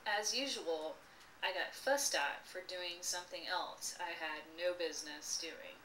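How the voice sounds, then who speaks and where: A woman slowly telling a personal childhood story with lively expression and occasional laughs. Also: fairly low pitch. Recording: echoey room, voice from a distance, faint noise.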